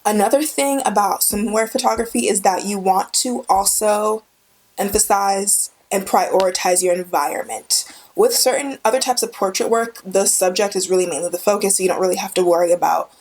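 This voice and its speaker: A woman's voice: mid-range voice, moderate pace, a little mellow, a little hiss or hum. A young woman hosting a casual photography tutorial, talking on camera in a chatty, enthusiastic way with emphatic repetitions. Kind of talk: casual instructional vlog. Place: indoors with a studio light. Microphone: camera mic, speaker on camera.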